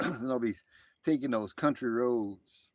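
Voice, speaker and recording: A man's voice: mid-range voice, measured pace, a little mellow, dry recording. A man hosting a casual late-night live stream, talking outdoors in a laid-back way, chuckling often and reading out chat messages.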